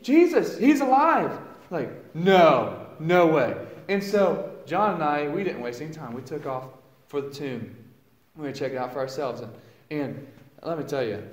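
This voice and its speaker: Man, pastor, dramatic first-person sermon, fairly high voice, roomy echo. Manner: storytelling, swings from hushed to loud exclamations. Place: church sanctuary.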